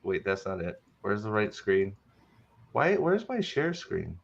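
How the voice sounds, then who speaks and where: A man's voice: lowish voice, very animated, unhurried, vocal fry, highs cut off. A man hosting a livestream podcast, chatting casually with joking, stammering restarts. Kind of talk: casual chat.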